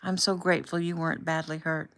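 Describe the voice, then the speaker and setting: Woman voicing a soft-spoken young soldier. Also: low-pitched, flat delivery, fast, creaky. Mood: warm. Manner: soft, quiet, affectionate. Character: young man, soldier on deployment, tender.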